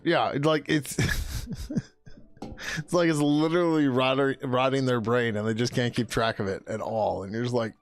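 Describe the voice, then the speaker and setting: A tired man on a casual coding livestream, swearing, laughing and muttering code names as he works, his throat getting hoarse. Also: mid-range voice, fairly even intonation, unhurried, dry recording. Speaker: livestreaming programmer.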